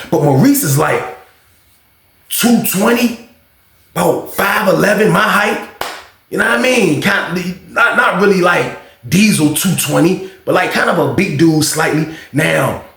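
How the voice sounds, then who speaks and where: Animated man telling a prison story. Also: sits high, normal speed. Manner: lively, acts out quotes with sudden shouts. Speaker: storytime host. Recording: echoey room.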